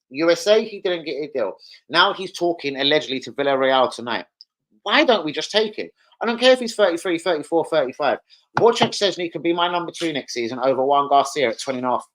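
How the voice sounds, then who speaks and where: A young man hosting a casual football live stream, excitable, swearing and calling out viewers by name. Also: on the high side. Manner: excitable, swears, calls out chat names.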